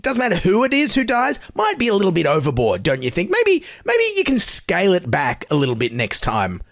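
A man hosts a satirical news comedy segment, and his voice swings widely in pitch, set a little high. He sounds sarcastic and mocking, full of exaggerated disbelief. The recording is close and dry. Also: huge pitch swings, brisk, a bit bright, no echo. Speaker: comedy news show host.

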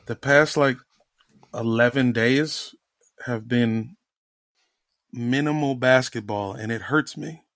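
Excitable man chatting on a podcast. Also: medium pitch, takes it slowly, pauses often, dry recording, studio quality. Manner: animated, excitable, swears casually. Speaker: podcast co-host. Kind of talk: casual chat.

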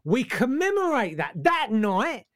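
An animated man tells a comic story in casual chat, and his pitch swings widely. He acts out the voices of other people. The sound is dry and close. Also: measured pace, no room sound.

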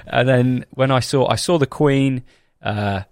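A man's voice: mid-range voice, unhurried, darkish tone, clear, resonant tone. A young British man co-hosting a podcast, telling funny stories in casual chat and swearing freely. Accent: British English. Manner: swears freely, laughs at his own stories. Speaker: podcast co-host.

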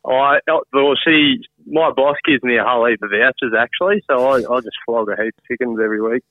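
A man's voice: mid-range voice, brisk, no echo. Australian man, caller, laid-back, tinny dry phone line. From Queensland, Australia. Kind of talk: casual phone chat.

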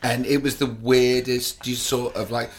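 A man's voice: mid-range voice, little pitch movement, unhurried, slight background noise. A man from northern England with a Stoke accent, chatting playfully as a podcast guest and telling jokey stories. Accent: Stoke-on-Trent. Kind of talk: casual chat.

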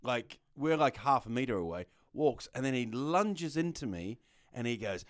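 A man tells a pub story on a casual podcast, his delivery animated. His voice sits at an ordinary middle pitch. The recording is dry and close. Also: moderate pace, no room sound. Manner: animated anecdote-telling, acts out quotes loudly. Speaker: podcast co-host.

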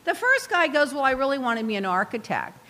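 Animated, high-pitched woman telling a story. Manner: animated, indignant, quick asides. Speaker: guest recounting reality show events. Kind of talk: casual storytelling chat.

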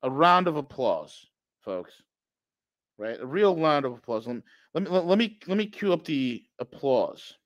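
Man, podcast host, sarcastic political rant, mocking tone, a bit high-pitched, dry close recording. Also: very animated, measured pace, no room sound, muffled recording. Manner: sarcastic, mocking, emphatic rants. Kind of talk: political commentary monologue.

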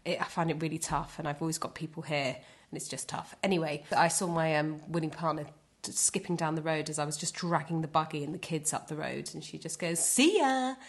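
Chatty low-voiced woman. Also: flat delivery, fairly quick. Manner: chatty, swears casually, drops into whispers. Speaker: podcast co-host. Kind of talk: casual chat.

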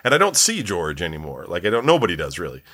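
A man co-hosting a podcast, talking slowly in casual chat and rambling with plenty of fillers. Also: sits low, huge pitch swings, pushed and bright, no room sound. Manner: slow, rambling, with many fillers. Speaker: podcast co-host.

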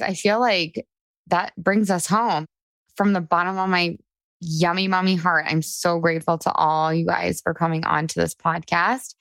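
A woman with a fairly low voice hosts a casual panel podcast. She talks in an enthusiastic, chatty way and swears casually, and the sound is dry and close. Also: no room sound. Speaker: podcast host and coach.

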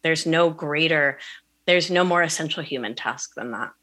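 A woman guest on a podcast, talking in an animated way about mindfulness and often asking "right?". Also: deep voice, moderate pace. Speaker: podcast guest, wellness coach. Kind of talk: conversational interview.

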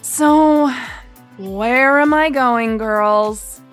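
A sarcastic, impatient male taxi driver, as a woman reads him in a storybook voice, slow and dry, rising high despite the role. Soft music hums behind.

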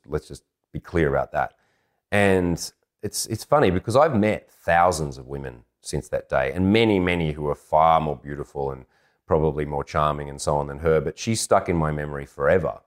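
Deep-voiced man telling a self-deprecating story. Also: brisk. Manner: animated, self-deprecating, acts out dialogue. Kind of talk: anecdotal storytelling.

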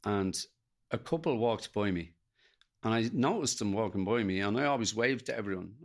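A middle-aged Irish man tells an emotional story from his own life, pausing and restarting as he quotes what others said. His voice sits on the low side with a gravelly fry. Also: animated. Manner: gravelly, halting, retells dialogue in quotes. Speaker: guest.

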